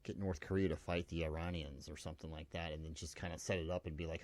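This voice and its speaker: A man's voice: sits low, lively intonation, fast talker, darkish tone, dry recording. A man in his sixties, the host's father and show regular, bantering in an easygoing way and chuckling often. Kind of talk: casual political chat.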